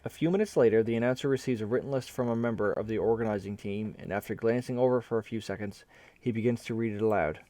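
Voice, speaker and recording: A man's voice: fairly low pitch, fast, warm tone, dry recording. A man reading an interactive fantasy story aloud in the first person, narrating events and his character's nervous thoughts.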